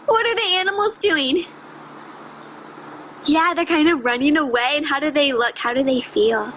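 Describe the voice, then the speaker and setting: Bright-voiced woman reading aloud to kids. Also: sits high, normal speed, a little hiss or hum, rough recording. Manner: expressive, asks children questions. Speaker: teacher. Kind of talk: read-aloud storytelling for children.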